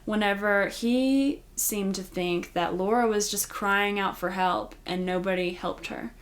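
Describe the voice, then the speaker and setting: A woman's voice: medium pitch, a bit bright. A woman giving a casual, chatty recap of a TV episode, with lots of "like" and "you know". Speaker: recap host.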